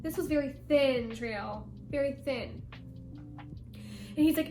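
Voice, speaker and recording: A young woman with a high voice tells a story to her channel, chatty and animated, acting out what each person said. The room is roomy with an echo, and faint music plays behind her. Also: normal speed. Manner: animated retelling, acting out quotes, frequent "like". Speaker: vlogger. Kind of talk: casual storytime narration.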